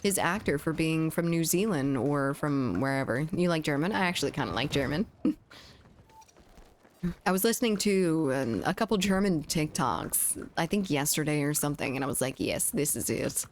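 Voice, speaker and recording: A young woman with a notably low voice talks loosely to her viewers while she plays, answering chat and tossing in casual swears. A faint hum of noise sits under her close mic. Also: animated, normal speed. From United States. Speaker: streamer. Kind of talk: casual gaming livestream chat.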